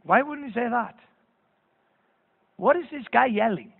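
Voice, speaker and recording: A man giving a motivational keynote talk at a conference, animated and repeating key phrases for emphasis. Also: very high-pitched, measured pace, gravelly, slightly rough, in a large hall. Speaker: keynote speaker. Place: conference hall. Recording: tinny lo-fi audience recording.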